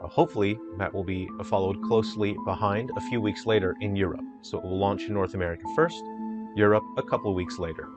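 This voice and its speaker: A man who develops indie games, giving an earnest, unhurried, plain-spoken video update. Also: lowish voice, over music.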